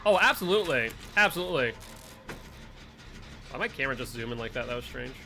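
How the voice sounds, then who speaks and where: A man streaming a game live, chatting casually with his friends and chat, full of "like" and quick asides. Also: mid-range voice, very animated, gravelly, noisy background. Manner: chatty, filler-heavy, talks to chat and friends.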